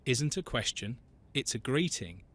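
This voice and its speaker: Guy narrating a top ten video, bouncy lively pitch, crisp joking script read. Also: unhurried. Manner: crisp, witty listicle delivery.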